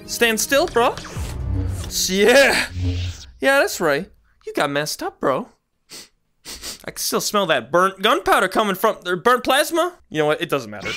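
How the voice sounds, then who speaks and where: An excitable young man narrating his own virtual reality gameplay, yelling and laughing as he goes. His pitch leaps all over the place. Music plays clearly underneath his voice. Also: normal speed. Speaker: gaming YouTuber. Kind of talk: VR gameplay commentary.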